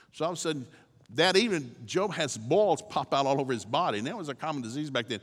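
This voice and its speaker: A man preaching with folksy, joking storytelling, his pitch rising and falling with animation. The sound carries a long church-hall reverb. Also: animated, fast, slightly rough. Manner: folksy, humorous storytelling, chuckling. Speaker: guest preacher. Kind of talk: sermon.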